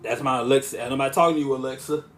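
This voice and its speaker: A man hosting a podcast and speaking as a preacher, with a smooth, monotone, relaxing voice; he talks in a rambling way, often restarting his sentences. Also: medium pitch, rapid-fire. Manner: rambling, with frequent restarts and asides. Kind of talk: casual podcast talk.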